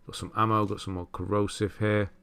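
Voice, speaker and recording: A man giving relaxed, chatty commentary over a game walkthrough, laughing at himself and correcting his own words. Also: on the low side, a little fast, creaky, clean tone. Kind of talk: casual gameplay commentary.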